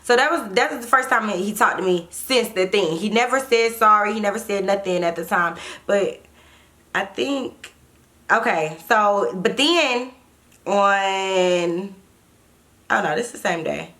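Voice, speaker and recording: A woman's voice: mid-range voice, measured pace, fairly bright tone. A young woman telling a personal story to her viewers in casual chat, often repeating words and reading old text messages aloud. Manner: chatty, repeats words, reads texts aloud.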